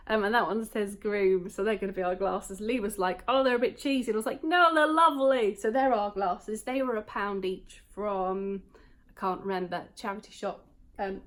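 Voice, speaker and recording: Rambling woman vlogging. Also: mid-range voice. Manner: rambling, talks in quick bursts, many fillers. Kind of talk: casual chatty vlog.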